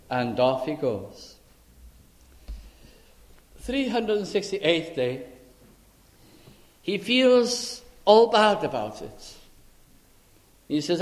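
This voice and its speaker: A man preaching a sermon, telling a story slowly and deliberately and acting out the dialogue. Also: fairly high pitch, big pitch swings.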